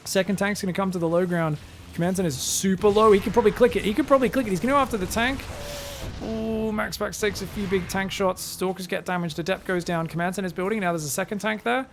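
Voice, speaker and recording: A man casting a strategy game on his own, talking casually through each move and breaking into loud excited bursts. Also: sits high, fairly quick, a little hiss or hum. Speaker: esports caster. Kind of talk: solo play-by-play game commentary.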